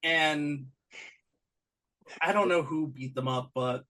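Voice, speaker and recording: Bright, wry podcast co-host. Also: mid-range voice, slow pace. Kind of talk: casual wrestling recap chat.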